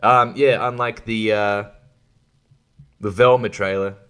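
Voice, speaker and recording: A man's voice: lowish voice, fairly even intonation, slow, a bit bright, smooth. A man hosting a solo podcast, rambling sarcastically, swearing a lot and laughing often. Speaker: podcast host.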